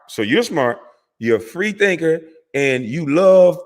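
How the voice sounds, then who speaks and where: A man's voice: on the high side, very animated, normal speed. A man, a former pro athlete, delivering a heated, profane, preachy rant to camera that repeats words for emphasis. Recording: long hall reverb.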